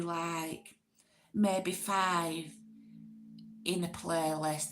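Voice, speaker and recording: A woman from Oldham with a Greater Manchester accent, casually chatting to viewers on a livestream and rambling with fillers. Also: on the low side. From Oldham, England. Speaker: livestream host. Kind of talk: casual live chat reading comments.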